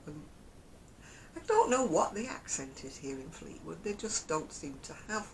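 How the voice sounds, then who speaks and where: A woman's voice: low-pitched, very animated, moderate pace, creaky, darkish tone, slight background noise, low-quality recording. A woman from Oldham with a Northern English Lancashire accent, chatting casually to camera in a rambling way and often chuckling. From Oldham, England. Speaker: crochet vlogger.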